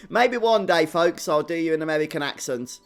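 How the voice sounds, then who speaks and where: A young man from Birmingham talks through his game stream in a broad Brummie accent, his voice pitched a little high. He chats easily with viewers and laughs at himself, with quiet game music faintly audible behind him. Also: clear, resonant tone. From England. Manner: chatty, reads and answers chat viewers; self-deprecating, laughs often. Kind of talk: live stream game commentary.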